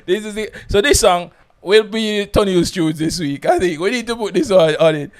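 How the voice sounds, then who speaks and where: A man's voice: high voice, moderate pace. A man from Jamaica hosting a podcast in casual chat, laid-back and laughing, often repeating himself. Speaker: podcast host.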